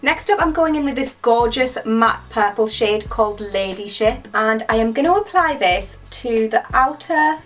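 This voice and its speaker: A young British woman chatting excitedly through a makeup tutorial in a gushing, chatty way. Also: fairly high pitch, moderate pace, hardly any pauses, faint music behind. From United Kingdom. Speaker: beauty vlogger.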